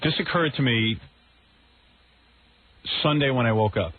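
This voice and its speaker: A man's voice: mid-range voice, measured pace. A middle-aged man hosting a radio show, telling a raunchy story in a brash, boastful way and acting out the quotes. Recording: tinny phone-like radio audio with faint hiss.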